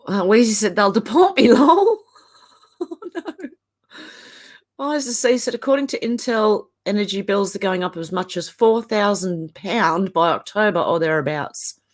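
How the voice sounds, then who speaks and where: A woman's voice: mid-range voice, lively intonation, a little slow. A woman from Australia hosting a livestream, reading out viewer comments in a casual chatty way and chuckling often. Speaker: livestream host reading chat. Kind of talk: casual chat.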